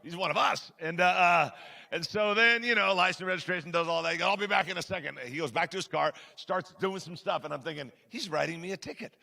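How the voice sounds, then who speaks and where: A man's voice: sits high, a little fast, gravelly, pushed and bright. A middle-aged man preaching, telling a story in a chatty, self-deprecating way with many fillers, in a church sanctuary. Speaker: guest pastor. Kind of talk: sermon storytelling. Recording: large hall with long reverb.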